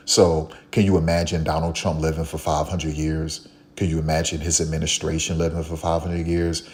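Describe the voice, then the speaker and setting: A man's voice: extremely low pitch, flat delivery, normal speed, darkish tone. A man talking in a casual, preachy monologue, repeating phrases and firing rhetorical questions. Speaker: online commentator.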